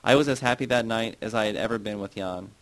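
A man's voice: on the low side, fast, close to an everyday voice, rough recording. A man reading the part of a middle-aged woman who confesses old memories, then turns sarcastic and provoking. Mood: wistful.

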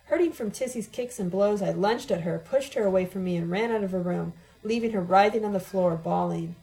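Mellow woman narrating a dramatic audiobook. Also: mid-range voice, fairly quick, creaky, rough recording. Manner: dramatic, emotionally charged reading. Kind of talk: first-person audiobook narration.

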